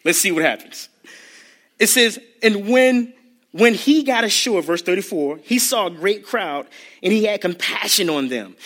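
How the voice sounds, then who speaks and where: A man preaching a sermon as a youth ministry speaker, animated and playful, acting out scenes and laughing as he talks. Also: sits high, a little slow. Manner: animated, acts out bits, laughs.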